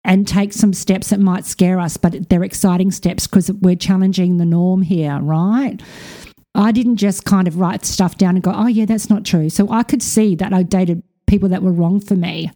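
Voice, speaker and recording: A woman hosts a spiritual podcast in a loose, candid way, swearing freely and dropping quick asides. Her voice is mellow and warm. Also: fairly low pitch, fairly even intonation. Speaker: podcast host; spiritual reader and coach. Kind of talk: casual spiritual talk.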